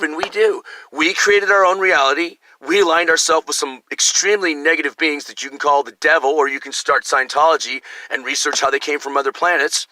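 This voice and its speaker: An older man rants in a very bright, piercing voice that sits a little high. He talks in a profane, rambling way. The mic sound is dry and close. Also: fairly even intonation, a little fast, hardly any pauses, no echo. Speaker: vlogger. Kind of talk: ranting monologue.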